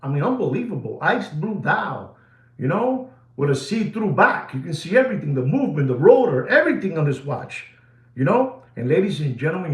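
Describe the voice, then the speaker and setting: A man's voice: fairly high pitch, big pitch swings, moderate pace. Theatrical man in an echoey room. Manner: theatrical, swings from shouting to hushed asides; mixes Spanish phrases into English talk. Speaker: watch market commentator. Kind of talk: animated market update.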